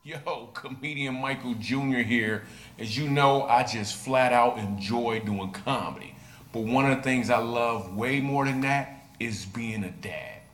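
Comedian telling a story in a roomy echo. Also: male voice, mid-range voice, unhurried. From United States. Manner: relaxed, conversational storytelling. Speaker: stand-up comedian. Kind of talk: casual video monologue. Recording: roomy echo with faint noise.

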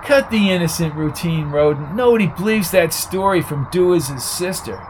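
A brassy, raised voice from a tough guy who barks insults and orders, pitched well above his usual range as a male narrator puts him on. Gritty audiobook storytelling with a faint hiss in the background. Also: expressive, normal speed, natural voice. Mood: taunting. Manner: yelling, insulting. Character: brash loudmouthed tough-guy driver, adult man.

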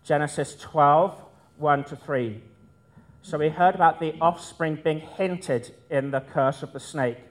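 A man's voice: on the high side, a little slow. A man preaching a sermon, explaining scripture in a conversational teaching manner with casual asides.

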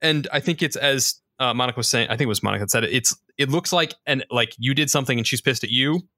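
Bright-voiced man running a tabletop game. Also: medium pitch, quick pace, no echo. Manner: relaxed, explaining rules. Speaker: game master.

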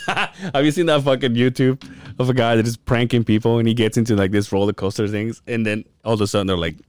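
A man co-hosting a podcast, chatting in crude, animated banter, laughing and acting out the stories he tells. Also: mid-range voice, quick pace, clear, resonant tone, dry recording, clean studio sound. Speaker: podcast co-host.

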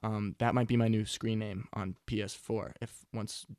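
A man's voice: fairly low pitch, little pitch movement, normal speed, a little mellow, smooth, no room sound. A man in his twenties rambling through a casual, profane podcast monologue on a close mic. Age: 20s. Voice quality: profane, laid-back and chatty. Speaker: podcast host. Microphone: close studio mic.

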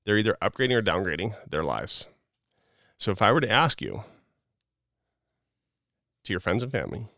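A man's voice: lowish voice, gravelly, fairly bright tone, no room sound, studio quality. A middle-aged man, a podcast guest, talking in an earnest, preachy, motivational way with many casual "like" fillers.

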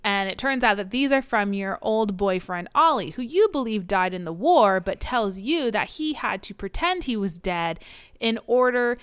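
A woman's voice: medium pitch, lively intonation, normal speed, clean tone, no room sound, clean studio sound. A woman co-hosting a podcast, recapping a book plot in chatty, laughing, irreverent casual talk. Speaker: podcast co-host. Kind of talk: casual book-discussion chat.

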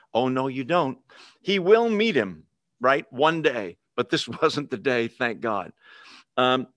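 A pastor with a slightly high, fairly bright male voice preaches in a conversational, teaching style, regularly asking the congregation questions in a call-and-response pattern. The studio-quality recording has no echo.

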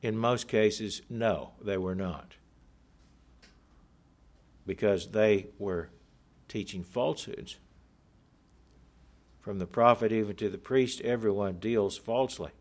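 A man preaching a sermon, reading scripture aloud and explaining it in an earnest, emphatic way, slowing down to stress key points. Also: lowish voice.

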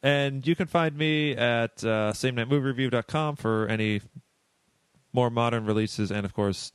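Man, podcast host, from the Boston area, chatty and halting, dry close sound. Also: medium pitch, clean tone, no echo. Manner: chatty, halting, lots of fillers. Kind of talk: casual chat.

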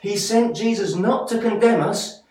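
Guy preaching a passionate sermon, kinda high voice, super echoey church sound from far off. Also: a little slow. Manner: passionate preaching, rising loud on emphasis. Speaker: pastor. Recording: echoey church hall, mic at a distance.

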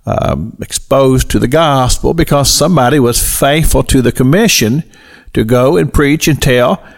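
A middle-aged male pastor giving a radio sermon, slow and deliberate, building to emphatic highs as he tells the story. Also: creaky.

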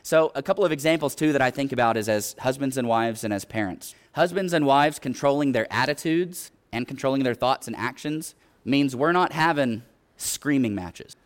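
An earnest male preacher delivering a sermon, urging his listeners on as he retells scripture stories. His voice sits at an ordinary middle pitch, and his delivery is steady and sincere.

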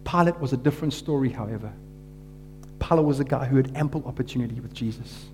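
A man delivers a sermon as a dramatic story, swelling with force for the crowd and falling to a near hush for quoted words. His voice is warm and relaxed, at a middling pitch. A faint hum runs beneath the recording. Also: fast talker. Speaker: preacher.

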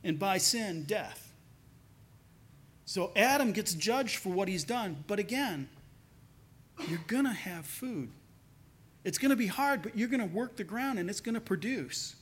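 A man's voice: animated, unhurried, pauses often, fairly bright tone, husky. A man preaching a sermon in a casual, conversational way, dropping his voice to act out quoted speakers. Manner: conversational, acts out quoted voices with lowered pitch. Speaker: pastor.

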